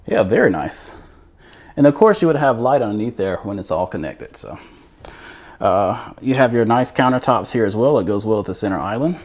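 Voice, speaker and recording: With a fairly low, sing-song voice that's a little mellow and slightly rough, this tour host moves at normal speed through a manufactured home show model. He films on a handheld camera, chatting enthusiastically and repeating words as he goes room to room.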